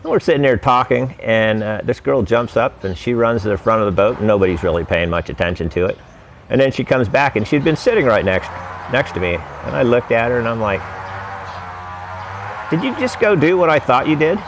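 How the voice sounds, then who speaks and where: A man's voice: on the low side, fairly quick, faint music behind. A man telling wry, rambling stories about his sailing travels in a casual, laid-back way. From United States. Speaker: vlogger recounting sailing travels. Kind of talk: casual storytelling.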